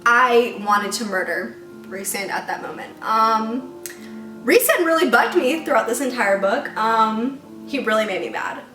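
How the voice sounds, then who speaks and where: A fairly high-voiced woman rants her way through a book review in a chatty, worked-up way, leaning on "like" constantly. Her voice rings around an echoey room, and music plays clearly behind her. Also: lively intonation, a little slow, bright, forceful tone, recorded from a distance. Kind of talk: casual ranting book review.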